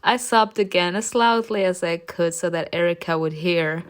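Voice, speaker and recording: A woman's voice: fairly low pitch, normal speed. A woman reading a romance story game aloud, reacting with laughter and playful swearing between passages. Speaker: game player reading a visual novel aloud.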